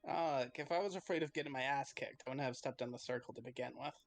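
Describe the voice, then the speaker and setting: A man's voice: medium pitch, quick pace, vocal fry, no echo. A man playing a tabletop game, talking bluntly and swearing casually. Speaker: player. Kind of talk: tabletop role-play.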